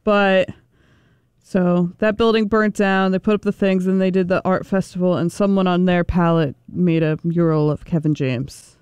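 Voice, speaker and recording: A man in casual chat, playful and quick to laugh. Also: high-pitched, fairly even intonation, a little mellow, clear, resonant tone, no echo, lo-fi sound.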